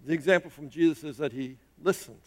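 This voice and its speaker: Brief: middle-aged male pastor, high-pitched voice, emphatic sermon delivery with rises and hushed drops. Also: fast. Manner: emphatic preaching, rising and dropping in pitch and loudness.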